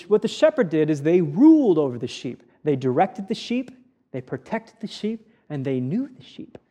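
A male pastor delivering a sermon, reading scripture and then teaching from it in an earnest, unpolished way, often restarting his sentences. His voice sits a little high for a man yet sounds mellow and warm.

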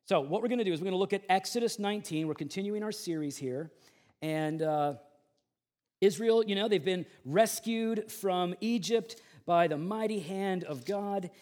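A man preaching a sermon, telling a personal story in an animated way before turning to scripture. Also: sits high, moderate pace. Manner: animated storytelling with voiced quotes. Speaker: pastor.

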